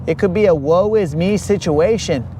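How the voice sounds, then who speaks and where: A man with a high-pitched voice hosts a live fishing stream from outdoors on a lake. He chats in a slangy, teasing, joking way. A faint outdoor hum sits behind him. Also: moderate pace, mellow. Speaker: fishing livestream host. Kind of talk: casual chat.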